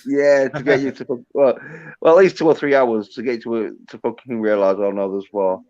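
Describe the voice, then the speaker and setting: A man speaks fairly quickly in a slightly mellow mid-range voice while hosting a livestream. The dull lo-fi audio carries his rambling, teasing, and swear-filled banter with a guest.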